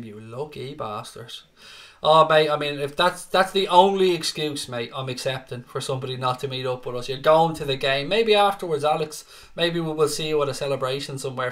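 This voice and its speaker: A man's voice: a little high, a bit bright. A man hosting a casual live football reaction stream, reading out fan chat messages and answering them with brash, swearing banter. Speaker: livestream host reading fan comments. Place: home setup with no other audio.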